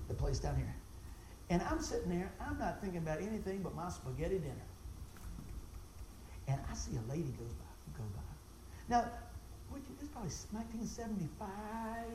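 A man giving an animated, folksy testimony for a ministry, repeating himself and exclaiming as he tells the story. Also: echoey room, a little hiss or hum, low-quality recording. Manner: voice jumps high when excited, exclaims.

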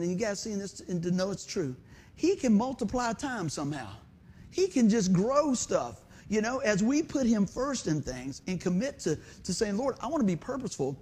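Male pastor, folksy sermon storyteller, husky voice pitched high with lots of swing. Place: church sanctuary.

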